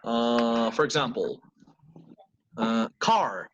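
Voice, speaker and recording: Lively bilingual English teacher. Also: male voice, mid-range voice, extremely slow. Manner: switches between English and Spanish, drills students with repeated words. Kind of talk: online class teaching pronunciation.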